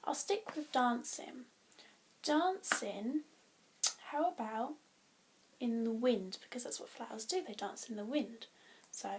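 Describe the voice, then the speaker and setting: A young woman teaching young pupils, patiently counting syllables aloud and thinking out loud, at times whispering to herself. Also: on the high side, animated, slow, long pauses, background noise. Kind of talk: modelling a lesson for young pupils.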